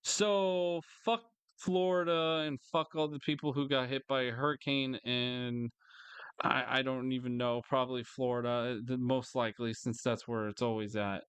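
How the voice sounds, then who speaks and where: A man angrily ranting in a vlog monologue, swearing heavily, repeating himself and jumping into higher mocking voices. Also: steady tone, normal speed, a bit bright, clear, resonant tone, dry recording. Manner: frustrated, swearing, repetitive. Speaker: vlogger.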